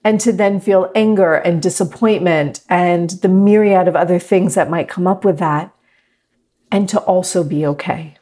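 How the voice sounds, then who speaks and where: A middle-aged woman teaching a meditation class, talking gently and reflectively to her students. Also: lowish voice, moderate pace. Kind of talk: guided meditation talk.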